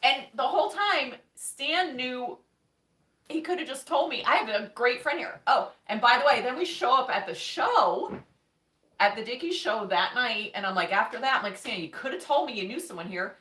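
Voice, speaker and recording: A woman's voice: high voice, animated, moderate pace, bright, forceful tone, reverberant, recorded from a distance. A woman guest on a casual livestream, telling a story in a chatty way with laughter.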